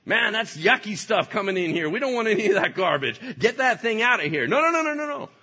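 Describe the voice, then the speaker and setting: Man playing an alarmed bossy spirit, high, shouting, bright voice. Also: very animated, slow, breathy edge, full character voice. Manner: urgent, shouting. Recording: dull lo-fi sound.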